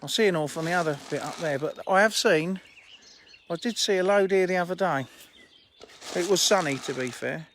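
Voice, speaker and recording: A man's voice: sits high, moderate pace, fairly bright tone. A man who owns a fishery, chatting casually on a live stream from his phone and answering viewers' comments with a laugh. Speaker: fishery owner. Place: outdoors by a fishing lake. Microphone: handheld phone. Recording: faint outdoor noise and birdsong. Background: birdsong.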